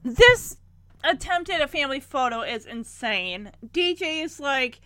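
Chatty high-voiced woman reacting. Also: very animated, sharp tone, no room sound. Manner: chatty, laughs often, acts out quotes in quick voices. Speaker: reaction video host. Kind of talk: casual reaction commentary.

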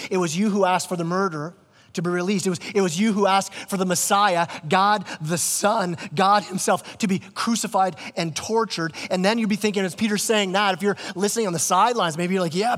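A man's voice: high voice, a bit bright, long reverb tail. A man preaching a sermon as pastor, casual and conversational, often restarting his words. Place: church sanctuary.

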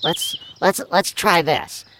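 A man's voice: high voice, fairly even intonation, slow pace, background noise. A man playing a nervous, stammering young village boy in an improvised comedy scene. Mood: hesitant. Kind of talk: improvised comedy role-play.

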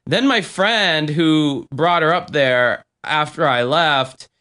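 Young male podcast host, bright and smooth, rambling and cursing. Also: on the high side, takes it slowly. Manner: rambling, swears, many fillers. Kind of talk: casual storytelling.

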